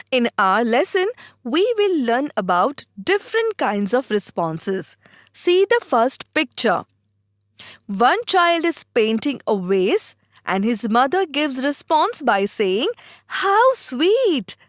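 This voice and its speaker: A woman with an Indian English accent teaching a scripted English lesson in a clear, expressive, teacherly way. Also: on the high side, takes it slowly, no echo, studio quality.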